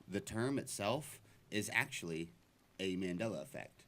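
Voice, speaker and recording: A man's voice: sits low, lively intonation, unhurried, a bit bright. A young man as a podcast guest in casual chat, laughing a lot and rambling through loose explanations. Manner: laughs often, chimes in to finish lines, loose rambling explanations.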